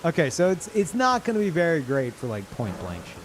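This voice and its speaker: A man's voice: on the high side, wildly swooping pitch, a little fast, a little hiss or hum. A man streaming a game live, reacting in disbelief, swearing often and laughing a lot. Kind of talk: live gameplay commentary.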